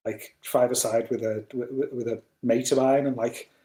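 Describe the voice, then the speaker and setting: A man's voice: mid-range voice, flat delivery, normal speed, dark tone. English man chatting in an echoey room. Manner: laughs often, tells stories, swears casually. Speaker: podcast co-host. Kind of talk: casual chat. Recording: roomy echo.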